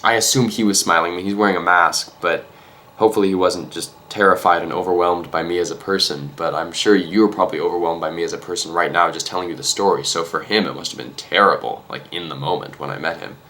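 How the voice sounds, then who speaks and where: A man vlogger telling a comic story in an earnest, mock-emotional way, halting and restarting his sentences. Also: sits low, bright, forceful tone.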